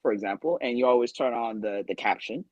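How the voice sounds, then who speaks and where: A man's voice: medium pitch, quick pace, a little mellow, no echo, lo-fi sound. A man hosting an online language-learning workshop, talking casually in long run-on sentences and checking in with "right?". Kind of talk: casual spoken workshop talk. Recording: online audio room.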